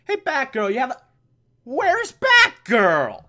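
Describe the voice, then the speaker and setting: A man's voice: high-pitched, normal speed, bright, forceful tone. A man voicing an earnest male superhero who calls out urgently. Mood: commanding.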